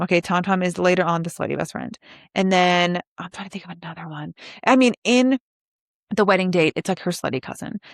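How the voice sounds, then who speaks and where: Recorded with clean studio sound and no echo, a woman in her twenties hosts a solo podcast in a lowish voice. She chats casually and animatedly, full of "likes" and asides.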